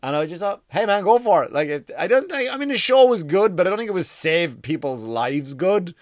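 A man's voice: a little high, sing-song, fairly quick, dry recording, studio quality. A man doing a comedy monologue, rambling and profane, with many "like" and "you know" fillers, from a workspace. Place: workspace across from a school.

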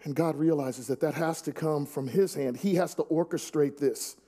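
A man's voice: fairly high pitch, normal speed, mellow. A man preaching a sermon to his congregation, earnest with wry asides. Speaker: pastor.

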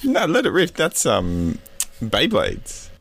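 A man's voice: medium pitch, wildly swooping pitch, takes it slowly, vocal fry, fairly bright tone, slight background noise. A man hosting a casual podcast, talking hesitantly with many fillers. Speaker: podcast host. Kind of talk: casual chat.

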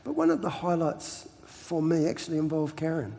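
An older New Zealand man with a slightly high voice tells stories as a pastor guest, chatty and quick to laugh. He repeats words as he gets going, and his voice hangs in a long hall echo. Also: very animated, creaky, warm tone. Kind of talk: storytelling interview chat.

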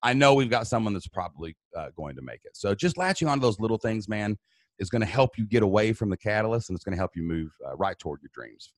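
Male guest, 30s, casual and lively storyteller, dry close mic. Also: on the low side, fast, no room sound. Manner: animated, says "dude" and "man". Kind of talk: emotional storytelling.

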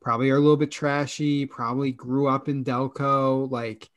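Laid back guy on a podcast, mid voice, dry close mic, quick little asides. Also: medium pitch, level tone, no echo. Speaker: podcast co-host. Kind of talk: casual chat.

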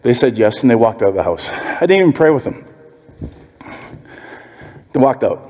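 A man's voice: mid-range voice, sing-song, moderate pace, darkish tone, dull audio. A man preaching a sermon as pastor, telling stories and acting out quoted voices. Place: church sanctuary. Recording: long hall reverb.

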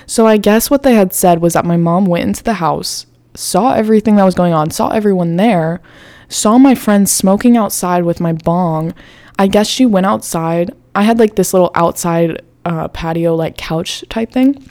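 A woman's voice: fairly low pitch, moderate pace, a little mellow. A woman in her twenties, a podcast host casually telling a story with lots of fillers and swearing.

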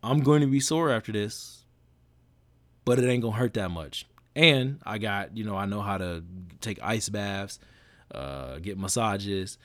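A man's voice: fairly low pitch, expressive, a little slow, fairly bright tone, dry recording. A man hosting his own podcast, giving a casual, rambling motivational monologue with lots of restarts. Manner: casual, repetitive, self-correcting, preachy. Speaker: podcast host.

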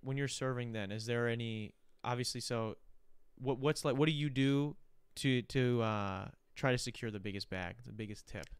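A man's voice: mid-range voice, normal speed, hardly any pauses, clear, resonant tone, no room sound, studio quality. A man hosting a casual podcast chat who asks curious questions, restarts often and swears freely. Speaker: podcast host.

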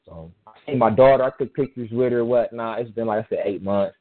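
A man's voice: medium pitch, a little fast. A man in casual chat, telling a personal story in a rambling, emphatic way with frequent restarts. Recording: tinny phone-line sound.

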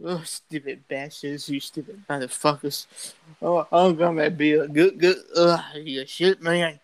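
A man's voice: fairly high pitch, steady tone, unhurried, no echo, poor audio. A man playing an angry, swearing trailer owner in an improvised comedy skit. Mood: furious. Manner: blustering, swearing. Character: angry cursing man defending his trailer.

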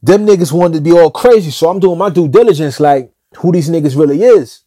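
A man with a fairly high voice tells a street story in a loose, unscripted monologue. He talks in heavy slang and swears freely. His delivery is animated, and he trips over and restarts his sentences as he goes. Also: fairly quick, no echo, studio quality. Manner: profane, slangy, animated retelling with many restarts.

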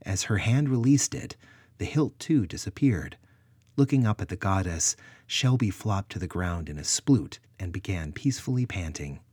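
Husky, low-voiced male storyteller. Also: normal speed, no room sound, clean studio sound. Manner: expressive storytelling. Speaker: audiobook narrator. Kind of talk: scripted narration.

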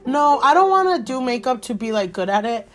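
Very animated and fairly quick, the young woman's high voice carries her casual podcast chat as co-host. She rambles freely and uses lots of fillers.

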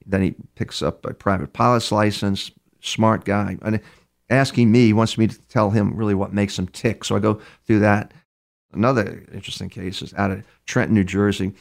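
A low-pitched man from New York with a gravelly, fry-laden voice tells case stories in an interview. He rambles and restarts often, repeating words as he goes, and slips into the voices of the people in his stories. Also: fairly even intonation, a little fast. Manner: acts out other speakers' words inside his stories. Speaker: criminal profiler, guest. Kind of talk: storytelling in a conversational interview.

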